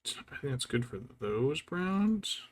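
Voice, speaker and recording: A man with a fairly high voice speaks at a measured pace while painting a miniature on his stream. He keeps things relaxed, chatting casually and muttering to himself as he works.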